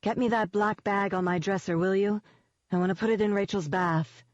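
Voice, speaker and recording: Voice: mid-range voice, fairly even intonation, moderate pace, no room sound, pitched above the performer's own voice, close to an everyday voice. Ivy, a reader voicing a blunt, bossy woman. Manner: belligerent and commanding. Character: protective, blunt woman housemate. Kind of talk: audiobook character voice. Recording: dull, dry lo-fi audio.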